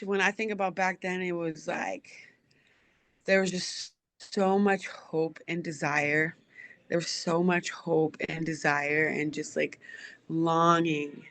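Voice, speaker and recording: A woman's voice: low voice, fairly bright tone. A woman coach as an interview guest, answering in an earnest, reflective, heartfelt way.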